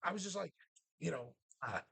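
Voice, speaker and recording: A man's voice: fairly high pitch, animated, fairly quick, gravelly, a bit bright, husky, no echo. A man hosting a casual chat in a pub, telling profane, rambling stories.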